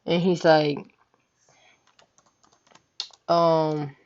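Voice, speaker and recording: A woman's voice: deep voice, little pitch movement, takes it slowly, darkish tone, muffled recording. A young woman vlogger telling a story casually, profane and rambling, often asking "you know what I'm saying". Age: young adult.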